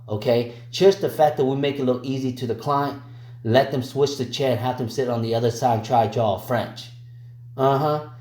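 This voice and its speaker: A man with a medium-pitched, darkish voice, recorded in a reverberant space, is a nail technician teaching a tutorial. He keeps it casual and slangy, often calling viewers y'all and tossing in teasing jokes.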